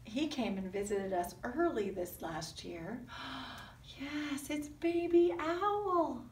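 Speaking slowly in a high, lively, somewhat mellow voice, a woman leads an online music lesson for kindergarteners using puppets, drawing the kids in with sing-song questions. The recording is roomy from a distant mic, with slight background noise.

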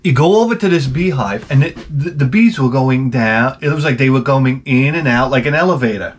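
Animated New guy telling stories. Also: medium pitch, brisk, a little hiss or hum. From New York. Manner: animated, profane, sarcastic asides. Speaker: gaming channel host. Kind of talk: casual rambling storytelling.

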